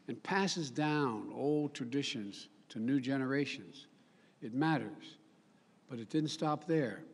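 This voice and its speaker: An older man giving a formal public speech with folksy asides, often halting and correcting himself mid-sentence. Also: medium pitch, darkish tone. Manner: halting, with frequent restarts and self-corrections. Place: large summit venue. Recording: long reverb of a big hall.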